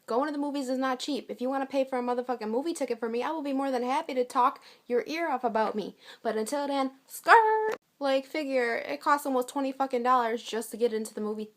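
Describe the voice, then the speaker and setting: A woman's voice: fairly high pitch, fairly even intonation, quick pace. Blunt, profane young woman telling stories. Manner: blunt, profane, with acted-out quotes. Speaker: vlogger. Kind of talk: casual storytime vlog.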